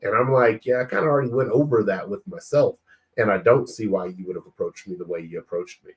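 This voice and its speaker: A married man in a casual group discussion, animated and acting out remembered exchanges with his wife. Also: lowish voice, quick pace. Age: adult, married. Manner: animated, acts out quoted exchanges. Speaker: men's circle participant.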